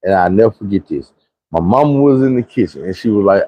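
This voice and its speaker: Animated Southern man telling stories. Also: lowish voice, quick pace, no echo, highs cut off. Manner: animated, slangy, profane storytelling. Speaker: storyteller vlogger. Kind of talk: casual storytime monologue.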